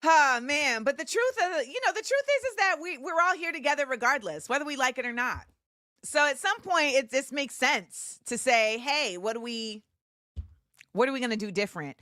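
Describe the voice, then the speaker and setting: A woman hosting a live show, chatting casually with viewers and shouting them out with bursts of excitement. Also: sits high, moderate pace, no room sound, clean studio sound. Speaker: livestream show host.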